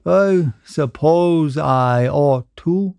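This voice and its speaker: A man's voice: mid-range voice, expressive, takes it slowly, darkish tone, smooth, no room sound. A man voicing a sly, contented old man who speaks mildly and hesitantly. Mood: sly contentment. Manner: mild and hesitating.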